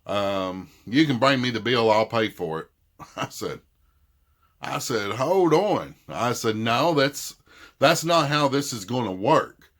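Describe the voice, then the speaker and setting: A middle-aged vlogger with a thick Southern accent casually retells a dispute, quoting what each side said. His medium-pitched voice is expressive and fairly bright, and he takes his time.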